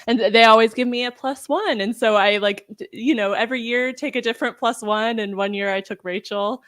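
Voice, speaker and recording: A woman's voice: a little high, fairly quick, a bit bright, no echo, clean studio sound. A woman podcast guest chatting casually, rambling with many "like"s and "um"s. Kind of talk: casual chat.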